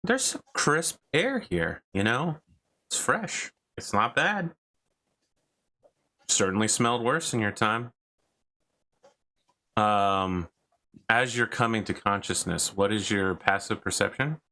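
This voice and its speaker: A man's voice: lowish voice, lively intonation, slow, pauses often, sharp tone. A man who is the game master of a tabletop role-playing game, narrating scenes in a casual, chatty way with frequent asides.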